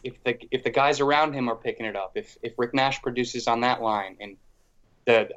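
A man's voice: medium pitch, lo-fi sound. A man co-hosting a podcast, talking hockey in a rambling, casual way full of fillers. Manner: rambling, filler-heavy, animated. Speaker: podcast co-host. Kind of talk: casual sports chat.

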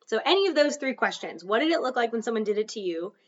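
A woman's voice: fairly high pitch, very animated, fast, recorded from a distance, muffled recording. A woman hosting a casual self-help podcast, chatty and easily sidetracked, laughing off her own lapses. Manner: chatty, loses her train of thought and laughs it off. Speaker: podcast host.

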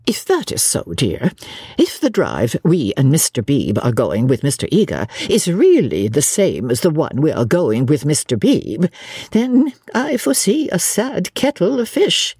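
A woman's voice: sits low, huge pitch swings, a little slow, warm tone, slightly rough, dry recording, clean studio sound, full character voice. A woman voicing a prim, fussy older English spinster in a dramatic reading of a classic novel, with a fretful, genteel manner.

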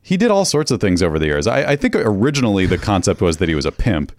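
Deep-voiced laid-back male co-host. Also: sing-song, quick pace, dry recording, studio quality. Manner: laid-back, hesitant, full of uh's. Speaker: podcast co-host. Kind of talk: casual comedy podcast chat.

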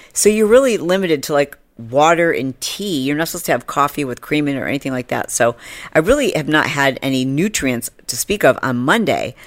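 Low-voiced woman telling a story, laughing. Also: no room sound. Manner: animated, laughing, acts out quoted people in high voices. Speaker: podcast host. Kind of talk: casual storytelling monologue.

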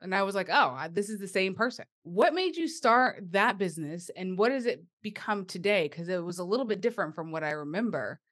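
A woman's voice: medium pitch, expressive, brisk, few pauses, fairly bright tone. Affirming woman podcast host. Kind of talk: casual chat.

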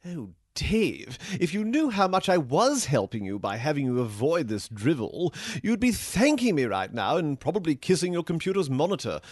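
A man's voice: mid-range voice, darkish tone, dry recording, clean studio sound. A man voicing a male AI chatbot in a comedy sketch, pompous and condescending with theatrical flair. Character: snooty, sarcastic male AI chatbot.

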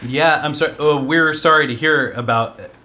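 Hesitant suburban dad. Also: male voice, a little high, moderate pace, pushed and bright. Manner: hesitant, polite. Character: awkward retired suburban dad. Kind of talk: audio drama acting.

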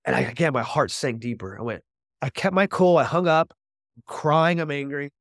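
Man, podcast guest, recovery story, animated, acts out quoted lines, dry close mic. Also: a little high, normal speed, dry recording.

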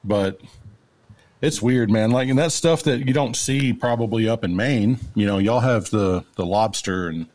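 A man, telling stories as a guest in casual chat, animated and laughing. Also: fairly low pitch, unhurried. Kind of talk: casual storytelling.

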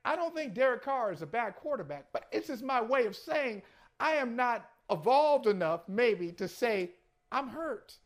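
A man's voice: very high-pitched, sing-song, normal speed. A man co-hosting a sports talk show, talking casually in a reflective, conversational and agreeable way. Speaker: sports podcast co-host. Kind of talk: casual chat.

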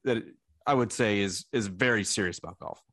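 A man in his thirties co-hosting a casual podcast, telling stories in an animated, self-deprecating way. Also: fairly low pitch, brisk, no echo, clean studio sound. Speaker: podcast co-host.

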